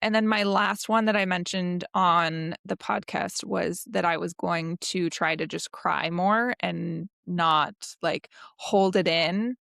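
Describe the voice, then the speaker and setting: Chatty woman podcaster, a bit of vocal fry, giggly, dry sound. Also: lowish voice, fairly even intonation, slow pace, hardly any pauses, fairly bright tone, no room sound. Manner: chatty, hesitant fillers, giggly. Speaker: podcast co-host. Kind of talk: casual chat.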